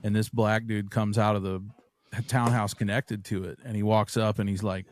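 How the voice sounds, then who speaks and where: A man's voice: on the low side, level tone, normal speed, dry recording. Blunt, swearing man telling stories. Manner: blunt, swears a lot, tells stories about his kids. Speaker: podcast co-host. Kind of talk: casual chat.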